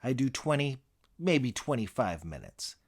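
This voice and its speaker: A man narrating a comic first-person story in a dry, deadpan, boastful manner. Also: medium pitch, a little slow.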